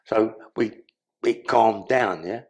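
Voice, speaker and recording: A man's voice: lowish voice, takes it slowly, vocal fry. An older man with a London accent telling his life story in an interview, blunt and streetwise, swearing freely. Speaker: guest.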